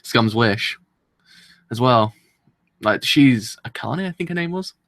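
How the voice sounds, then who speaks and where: A man's voice: mid-range voice, expressive, takes it slowly, fairly bright tone, no room sound, studio quality. A man hosting a live anime reaction, talking in a rambling, chatty and self-deprecating way and laughing often.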